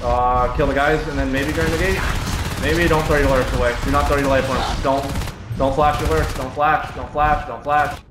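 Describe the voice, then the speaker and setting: A man's voice: medium pitch, fairly even intonation, normal speed. A man commanding his team in a live online game, giving urgent, repeated orders. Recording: echoey, noisy game capture. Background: gunfire from game.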